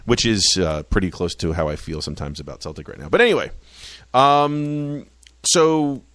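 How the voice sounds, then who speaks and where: A low-pitched man from the United States talks soccer on a podcast with an animated, restless delivery, tripping over his words and swearing freely. The sound is dry and close on the mic. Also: moderate pace, no room sound. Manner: animated, swearing, frequent restarts. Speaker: podcast co-host. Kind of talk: casual sports chat.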